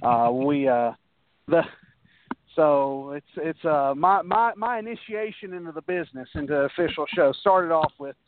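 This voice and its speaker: Man, guest storyteller, higher-pitched, rambling restarts, tinny phone-like sound. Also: normal speed, a little hiss or hum. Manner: rambling anecdotes with many restarts and acted-out quotes. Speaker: guest, wrestler. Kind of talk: casual storytelling interview.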